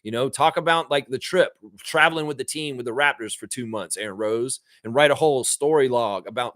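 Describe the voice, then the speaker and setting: A man's voice: brisk, few pauses, no echo, clean studio sound. A man hosting a sports show, ranting and swearing in a heated commentary and mocking people with put-on voices. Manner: animated and swearing, jumping up high for emphasis.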